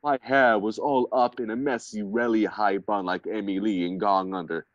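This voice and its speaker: A young man reading a bad fan story aloud for laughs, sarcastic and animated, over a voice call. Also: fairly low pitch, normal speed, lo-fi sound, a little hiss or hum. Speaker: reader in a group reading. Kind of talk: mock-dramatic comedic reading aloud.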